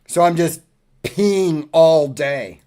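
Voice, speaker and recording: A man's voice: fairly high pitch, slow pace, warm tone, clean tone. A man talking casually as a streamer, ranting in a profane, exasperated way and laughing often.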